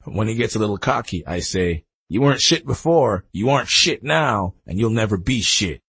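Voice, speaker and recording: A narrator voicing a boastful, gravelly proud father. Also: fairly low pitch, lively intonation, normal speed, fairly bright tone, exaggerated voice. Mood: boasting. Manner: bragging, emphatic.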